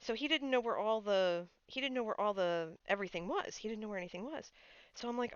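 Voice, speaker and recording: Chatty, smooth-voiced woman streamer. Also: mid-range voice, animated, fast talker, no room sound, highs cut off. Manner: chatty storyteller with frequent fillers. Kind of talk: casual gaming stream chat.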